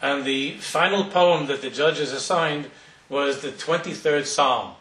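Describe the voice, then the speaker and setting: A man's voice: fairly high pitch, measured pace, fairly bright tone. A middle-aged man, a rabbi, tells a story during a talk, speaking in a conversational, digressive way with frequent restarts. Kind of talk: sermon storytelling. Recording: roomy hall from far off.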